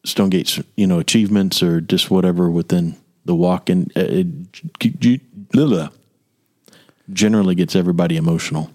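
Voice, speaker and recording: A man, easygoing and quick to react in a casual co-hosted chat. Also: sits low, level tone, warm tone. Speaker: podcast co-host.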